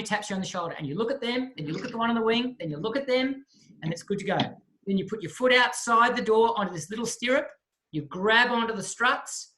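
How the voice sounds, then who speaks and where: A man, a guest speaker telling a lively story in a talk and acting out the people in it. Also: sits high. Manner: lively storyteller who acts out the voices of the people in his story.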